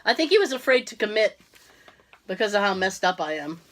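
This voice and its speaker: A woman's voice: medium pitch, brisk. A woman co-hosting a casual podcast, sick with a cough, telling a story with lots of laughs and quoted voices. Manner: animated storytelling, acting out quotes, laughing often. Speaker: podcast co-host. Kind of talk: casual chat.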